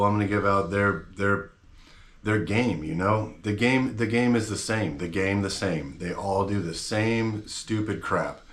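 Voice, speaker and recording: Fired-up guy venting on his channel, kinda deep voice, echoey room. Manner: blunt, slangy, fired-up. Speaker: channel host. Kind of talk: casual rant to camera.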